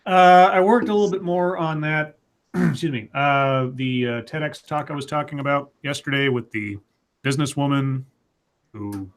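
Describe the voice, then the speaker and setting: A male co-host with a slightly higher voice reads articles aloud. Between passages he adds dry, wry asides in a casual tone. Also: fairly even intonation, normal speed. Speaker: co-host reading news stories.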